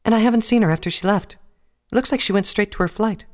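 A timid, gentle pegasus mare pleads in a soft, fretful voice pitched far up, put on by a man reading aloud. Her voice is lifted high and strained with worry. It is a storybook reading with a plain close mic. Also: fast talker, lightly acted. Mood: worried pleading.

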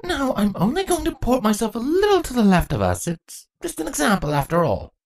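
A woman's voice: a little high, voice pushed up. Chrysalis, a woman voicing an eager young changeling. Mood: proud. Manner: excitable, earnest, quick to gush about history and books. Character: young female changeling princess, bookish and eager.

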